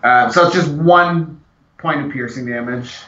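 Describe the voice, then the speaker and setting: A man narrates a tabletop role-playing session as game master, stringing scenes together with plenty of fillers. His voice is bright and fairly high. It comes through a dull, lo-fi mic in an echoey room with faint hiss. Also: unhurried. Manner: relaxed, filler-heavy narration with frequent "like" and "um".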